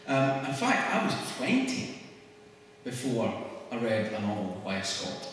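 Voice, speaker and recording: A Scottish man gives a wry, conversational talk, his mid-pitched voice picked up from a distance. The sound is roomy, with a long reverb tail and a faint hiss underneath. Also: huge pitch swings, fairly bright tone. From Scotland. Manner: conversational and wry, quick laughs. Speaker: speaker at a public event. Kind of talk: public talk to an audience. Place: church hall. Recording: echoey hall recorded from far off.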